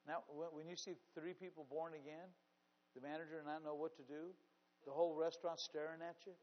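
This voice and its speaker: A man preaching a sermon as pastor, telling a story with many restarts and swinging from hushed tones to loud, stressed lines. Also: a little high, level tone, fairly quick. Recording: dull sound with long hall reverb.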